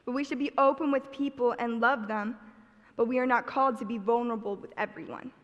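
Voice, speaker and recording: High-voiced woman preaching in a hall. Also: fairly even intonation, fairly quick, muffled recording. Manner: earnest, conversational, storytelling. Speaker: speaker giving a sermon. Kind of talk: sermon. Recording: long hall reverb.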